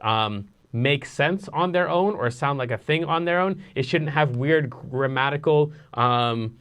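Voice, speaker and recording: A man casually teaching songwriting in a live online lesson, relaxed and rambling with restarts. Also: a little high, a little slow, smooth. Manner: sings nonsense syllables to show rhythm.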